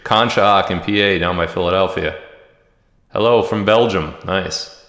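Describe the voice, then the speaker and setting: A man with a low, deep voice runs a loose, joking livestream from home, reading out viewers' comments and hometowns. His voice bounces around an echoey room with a long, lingering reverb. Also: normal speed. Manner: joking, reads viewer comments and shout-outs aloud. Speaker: livestream host. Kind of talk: casual livestream chat.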